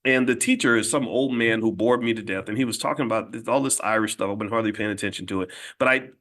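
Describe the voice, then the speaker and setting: A man's voice: lowish voice, fast, fairly bright tone. A man hosting his own channel, telling stories in a blunt, emphatic, conversational way and often restarting his sentences. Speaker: host. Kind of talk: casual monologue storytelling.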